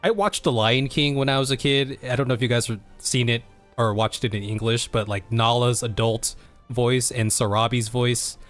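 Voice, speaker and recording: A male podcast host talks at an ordinary mid pitch and hesitates often, thinking aloud between fillers. Soft music plays faintly under his voice. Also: fairly even intonation, normal speed. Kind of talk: casual group discussion.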